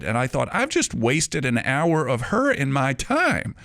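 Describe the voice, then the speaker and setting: A man's voice: medium pitch, normal speed, gravelly, hardly any pauses, no echo, studio quality. A man from Mobile, Alabama, hosting an interview, telling stories and asking questions in a conversational way. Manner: storytelling, animated questions. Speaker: podcast host.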